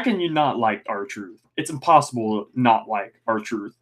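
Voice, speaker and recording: A man's voice: fairly low pitch, lively intonation, a little slow, few pauses, a bit bright. A young man co-hosting a podcast, reviewing wrestling in a casual, rambling way, with lots of ums, restarts and the odd swear. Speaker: podcast co-host.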